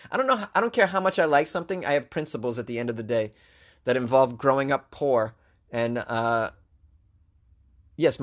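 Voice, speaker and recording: Fields: Sex: male. Role: host. Style: sarcastic comedic news commentary. Pitch: medium. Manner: sarcastic, riffing.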